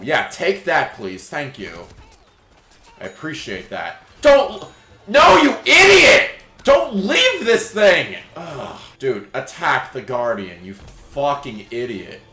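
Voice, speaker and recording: A man's voice: mid-range voice, reverberant. Young man ranting with wild swings. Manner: swears and yells at teammates, sarcastic. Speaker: gaming YouTuber. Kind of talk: gameplay commentary.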